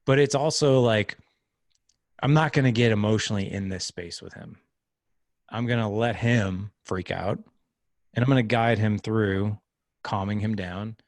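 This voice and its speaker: Guy in his 30s, lowish voice, earnest storyteller, dry close mic. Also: gravelly, no room sound. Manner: earnest storytelling, acts out his son's pleading lines. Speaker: guest, parenting podcaster. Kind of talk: casual interview talk.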